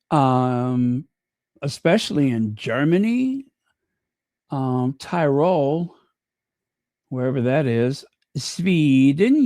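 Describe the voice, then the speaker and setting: Slow-talking man with ironic asides. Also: mid-range voice, warm tone, no room sound, studio quality. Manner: chatty, ironic asides, frequent ums. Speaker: channel host. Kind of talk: casual commentary reading from the web.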